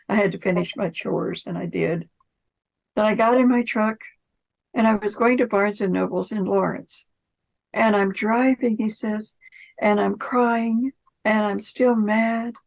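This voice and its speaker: A woman with a gravelly, mid-range voice tells a personal story about a spiritual experience, chatty and anecdotal, acting out the dialogue she recalls. The recording is rough.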